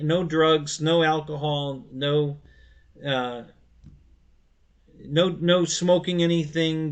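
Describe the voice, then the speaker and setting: Middle-aged guy rambling on his live stream, kinda high voice, lots of stops and restarts. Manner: rambling, halting storyteller with many restarts; laughs easily while telling stories. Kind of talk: casual live-stream chat.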